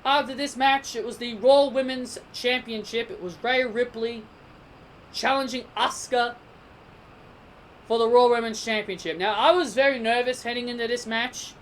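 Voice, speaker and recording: Casting note: casual wrestling reviewer, mid-pitched, prone to heated rants, with faint background hiss. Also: moderate pace. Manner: animated, gets heated and emphatic in rants; self-correcting, sidetracked chatter.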